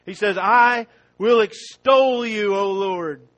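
A man preaching a sermon. He opens with a prayer, then reads scripture slowly and with rising force. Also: high-pitched, low-quality recording. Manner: slow and deliberate, rising loud when reading scripture.

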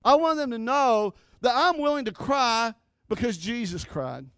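Male pastor, middle-aged, high voice, fervent sermon, dry close sound. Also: lively intonation, unhurried, fairly bright tone, clear, resonant tone, dry recording. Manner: impassioned preaching, rising and falling emphasis.

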